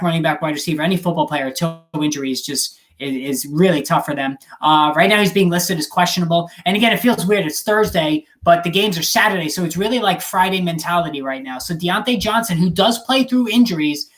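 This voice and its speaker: A man's voice: a little high, a bit bright. Guy doing a live fantasy football stream, super casual and blunt, drops some swears. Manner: blunt, swears, reads chat questions aloud. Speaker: fantasy football show host.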